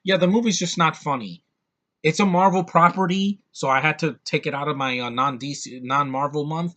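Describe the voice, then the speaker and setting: A man's voice: fairly high pitch, bright, forceful tone. A man giving a blunt, sarcastic, profane rant as a movie reviewer. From United States.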